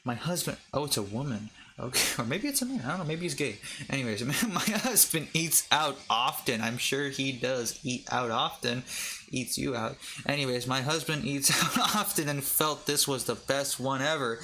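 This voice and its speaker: A man's voice: medium pitch, animated, normal speed, pushed and bright, slight background noise. A man streaming as a VTuber, reading articles aloud for chat, joking, tripping over words and breaking off to laugh.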